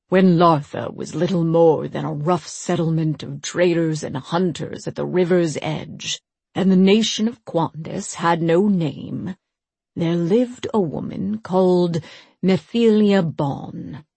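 A woman voicing an ancient, unhurried priest. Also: lowish voice, vocal fry, slightly rough, no echo, full character voice. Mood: storytelling. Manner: calm, measured storytelling.

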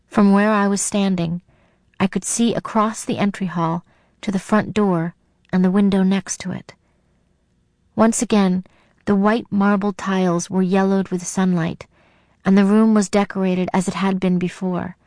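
A woman's voice: medium pitch, a little mellow, no echo. Woman narrating a tense audiobook. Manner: tense, dramatic storytelling. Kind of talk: first-person audiobook narration.

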